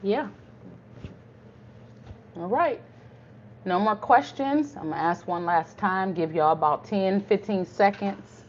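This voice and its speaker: Taking it slowly and pausing often, an older woman with a mid-range voice hosts a live cooking stream. She's folksy, chatty, and encouraging, and the recording has a muffled, lo-fi quality with a faint hum in the background.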